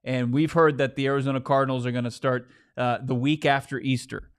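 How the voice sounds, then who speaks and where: A man co-hosting a casual sports podcast, animated and playfully exasperated, speaking from a studio. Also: medium pitch, brisk, clean tone. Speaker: podcast co-host.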